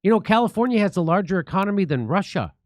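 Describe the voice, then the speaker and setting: A male livestream host riffing on politics with biting sarcasm and open indignation. His voice sits a little high for a man. The sound is dry and close to the mic. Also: sing-song, fast talker, darkish tone, no room sound. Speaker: show host.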